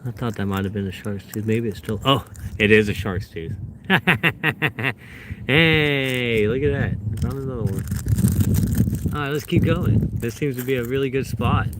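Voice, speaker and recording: A fossil-hunting vlogger addresses his viewers from a hillside, keeping up casual talk to the camera while searching. He has a medium-pitched voice and a moderate pace, and he breaks into glee whenever he finds something. Background noise is present.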